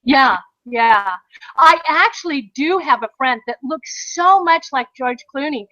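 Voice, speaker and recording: A woman's voice: high-pitched, expressive, measured pace, bright, forceful tone, no room sound. A middle-aged American woman co-hosting a podcast, telling a story in a chatty way with frequent laughs. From United States. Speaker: podcast co-host. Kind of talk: casual chat. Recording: dry, dull lo-fi sound.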